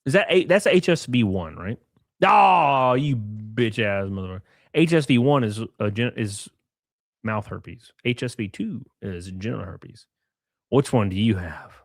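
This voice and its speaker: A man's voice: lowish voice, expressive, a little slow, gravelly, no echo, clean studio sound. A man from Alabama with an Alabama Southern accent, hosting a casual livestream, reading chat and rambling with crude joking asides.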